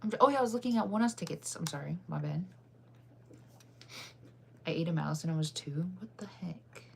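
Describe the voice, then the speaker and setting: A woman streamer chatting casually with her viewers, giggly and quick to get excited. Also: low voice, creaky, a little hiss or hum. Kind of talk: casual livestream chat with viewers.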